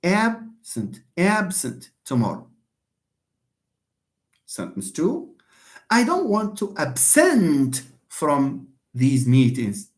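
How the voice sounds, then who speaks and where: A man gives an English phonetics lesson at an unhurried pace. His pitch rises and falls widely as he stretches key words out slowly and stresses them hard. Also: huge pitch swings. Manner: slow, emphatic, drawn-out words. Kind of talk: online lecture.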